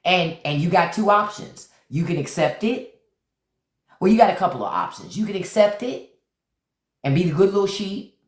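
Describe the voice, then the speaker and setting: A woman's voice: lowish voice, expressive, moderate pace, pauses often. A woman hosting a livestream, talking bluntly and preachily, repeating lines for emphasis and greeting viewers by name. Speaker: live stream host. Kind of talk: livestream commentary. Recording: echoey room.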